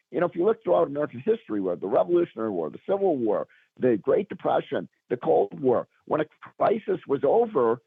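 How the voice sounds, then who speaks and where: Hoarse, raspy man on a phone line. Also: on the high side, no echo. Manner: emphatic, rising to punch lines. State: hoarse from a cold. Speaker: guest commentator. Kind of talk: radio talk show interview.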